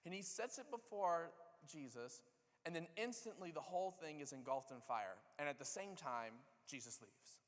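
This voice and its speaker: A man preaching, his slightly high voice ringing with the long reverb of a large church hall. He tells the story in a lively, casual way and acts out what each character says. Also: moderate pace. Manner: animated storytelling, acting out characters' lines. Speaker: pastor. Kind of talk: sermon. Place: church sanctuary.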